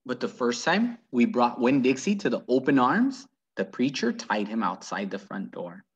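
A man reading a children's book aloud with very lively, animated storytelling. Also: medium pitch, normal speed, breathy edge, highs cut off. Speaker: reader.

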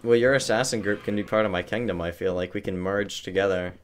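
A man's voice: fairly even intonation, fast, a little hiss or hum. A man streaming a game, chatting sarcastically and joking with other players. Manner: jokey, sarcastic, bursts into high squealing laughs. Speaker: gaming streamer. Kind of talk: casual gameplay banter. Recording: music bed under gameplay voice chat.

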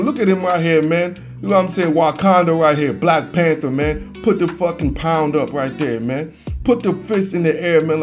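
Male film-room host, fairly high voice, hyped and profane, casual street slang, light guitar music behind. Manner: excitable, slangy, profane, keeps saying man and dog. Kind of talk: excited casual film breakdown commentary.

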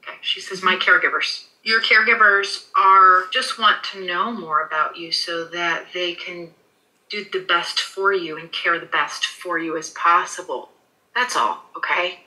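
Bright-voiced woman, soothing and halting. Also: fairly low pitch, low-quality recording. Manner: soothing, reassuring, halting with many fillers. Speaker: pet psychic. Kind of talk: animal communication session.

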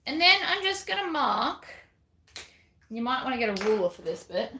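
A woman talks through a craft tutorial in a casual, self-deprecating way as she works. Her voice is bright and a touch high, and it rings in an echoey room. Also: big pitch swings, normal speed, slight background noise. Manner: chatty and self-deprecating, talking while working.

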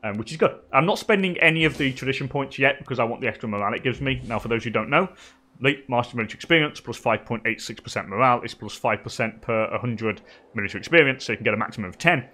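An English man giving relaxed live commentary on a strategy game, chatting with viewers and laughing often. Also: mid-range voice, fast. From England. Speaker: streamer.

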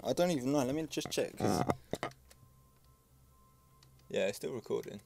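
A young man playing a horror game, muttering and swearing in panic and yelling when frightened. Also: medium pitch, brisk, gravelly, long pauses, over music. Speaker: gaming YouTuber.

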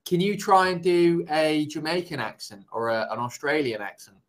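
Easygoing man, slightly high voice. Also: normal speed. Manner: easygoing, reassuring. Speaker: conversation tutor. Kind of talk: casual chat.

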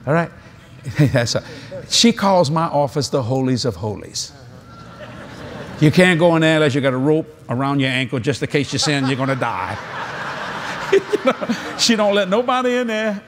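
A man's voice: mid-range voice, normal speed, noisy background. A male preacher delivering a convention sermon, telling stories animatedly with laughs and asides.

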